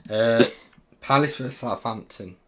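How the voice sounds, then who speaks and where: A man's voice: medium pitch, measured pace, pushed and bright, a little hiss or hum. A young British man co-hosting a casual football podcast, self-mocking and laughing easily. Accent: British English. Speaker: podcast co-host. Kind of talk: casual chat.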